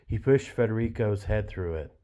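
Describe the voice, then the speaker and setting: A man reading the lines of a quiet, patient wife and mother in a novel. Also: on the low side, normal speed, natural voice. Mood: calm. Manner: quiet, calm, gently reproachful. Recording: dull lo-fi recording.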